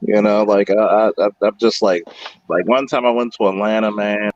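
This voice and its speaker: A man from Baltimore telling profane, animated stories in a casual group chat. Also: lowish voice, normal speed, no echo, dull audio.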